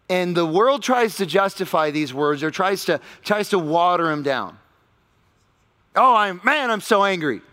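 A man preaching a sermon as pastor, emphatic, swinging between loud stressed lines and quiet low ones. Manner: emphatic preaching with sudden swings in pitch and loudness. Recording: long hall reverb.

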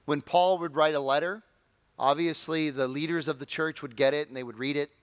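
A man preaches in a lively, conversational way, breaking into jokes and high shouted impressions of eager listeners. His voice sits a bit high for a man. The sound is dry and close, with no room echo. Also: a little fast. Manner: animated, acts out excited congregants in high shouts; conversational, humorous asides. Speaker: pastor. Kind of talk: sermon.

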